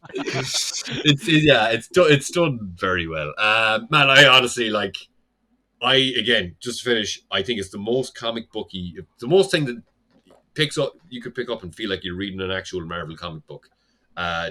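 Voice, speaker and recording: A man's voice: on the low side, normal speed, pushed and bright. A young man co-hosting a podcast, slightly tipsy, rambling through a casual recap with lots of "like" and some swearing. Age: young adult. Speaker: podcast co-host. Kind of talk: casual chat.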